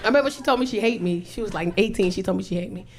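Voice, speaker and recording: A woman in her forties doing a loud, profane stand-up set at a comedy club, telling stories brashly into a handheld mic. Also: medium pitch, racing. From Los Angeles. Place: comedy club stage with a laughing audience. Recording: noisy live club recording.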